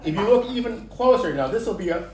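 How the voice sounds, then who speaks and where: A man telling a folk tale to an audience in a lively, expressive way, with slow, dramatic pauses. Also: sits high, crowd noise. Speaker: volunteer storyteller. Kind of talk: animated storytelling to an audience. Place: luncheon hall. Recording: roomy distant room mic, faint ambience.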